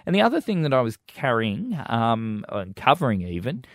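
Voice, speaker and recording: A man's voice: medium pitch, wildly swooping pitch, moderate pace, a bit bright, dry recording, clean studio sound. Hesitant man with a Kiwi accent. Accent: New Zealand. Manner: hesitant, many ums and restarts. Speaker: co-host. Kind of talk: casual tech news chat.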